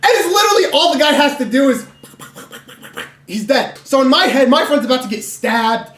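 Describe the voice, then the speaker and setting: A young man streaming live, telling a story in a casual, animated way, full of "literally" and "right?". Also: very high-pitched, moderate pace. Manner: animated, conversational, lots of fillers like "literally" and "right?".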